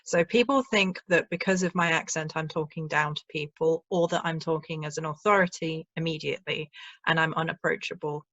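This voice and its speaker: A woman's voice: low voice, steady tone, a little fast, a bit bright, dry recording, highs cut off. A woman, hosting a casual video chat and laughing often. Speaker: host.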